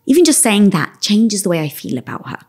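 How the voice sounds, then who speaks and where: A woman's voice: medium pitch, very animated, a little fast, darkish tone, slightly rough. A woman in her thirties, a podcast guest, talking candidly and acting out her inner voice in quotes. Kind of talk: candid conversational storytelling.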